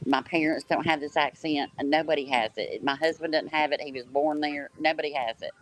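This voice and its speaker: A woman's voice: sits low, fairly even intonation, fairly quick, low-quality recording. A woman in her fifties from Tennessee with a Southern accent, chatting folksily on an online panel and calling everyone girl and honey. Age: 50s. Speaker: panel guest. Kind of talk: casual online panel chat.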